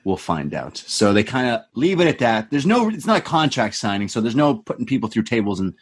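A man's voice: mid-range voice, brisk, husky. A man co-hosting a podcast, casually and animatedly retelling a wrestling show and acting out the wrestlers' lines. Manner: animated retelling, quotes the wrestlers in changed voices. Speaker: podcast co-host.

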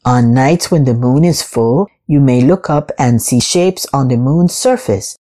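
Low, husky woman reading a storybook. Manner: slow, expressive and gentle.

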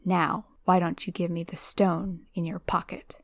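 A woman voicing a sinister disembodied male dark wizard in a hissing whispered role-play, reading a storybook aloud. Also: on the low side, fairly even intonation, a little slow, no room sound, studio quality. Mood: menacing.

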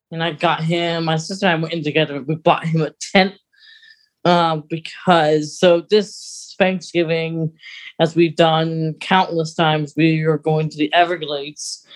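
A young man co-hosting a podcast, chatting casually in a rambling way with quick laughs. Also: on the high side. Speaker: podcast co-host. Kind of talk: casual chat.

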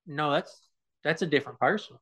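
A man's voice: a little high, fairly quick, pushed and bright. A man talking casually as a podcast guest, swearing freely and laughing as he tells stories about fans. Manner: swears a lot, laughs while telling stories. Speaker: guest, online comedian.

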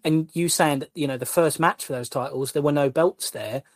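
A man, a guest co-host and wrestling columnist, ranting in an animated, exasperated way during casual podcast chat. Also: on the high side, moderate pace, no room sound.

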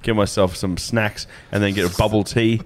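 A man's voice: lowish voice, steady tone, moderate pace. A young Australian man co-hosting a podcast, chatting casually in a blunt, teasing way with some swearing. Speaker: podcast co-host. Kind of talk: casual chat.

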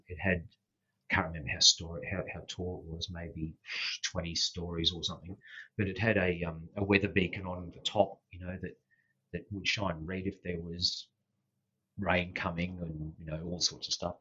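An Australian man, a former police officer, telling a story in a casual interview, unhurried and full of fillers and restarts. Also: low-pitched, a bit bright, husky, no echo, dull audio.

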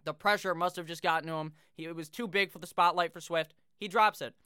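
A man's voice: on the high side, steady tone, quick pace, sharp tone, smooth, no echo, clean studio sound. A man giving a casual, brash fantasy football recap, joking and swearing freely. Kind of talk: casual profane sports recap.

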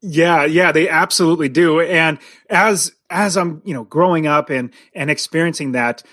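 Man, high voice, dry close sound, casual podcast chat, rambling, stops and restarts. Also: a bit bright, no echo. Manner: rambling, halting, laughing often. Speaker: podcast co-host. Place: home basement.

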